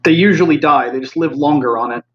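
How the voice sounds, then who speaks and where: A man's voice: fairly high pitch, quick pace. A man playing a tabletop game, terse and decisive, narrating what his character does. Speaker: player. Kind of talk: casual tabletop role-play. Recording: dull lo-fi mic with faint noise.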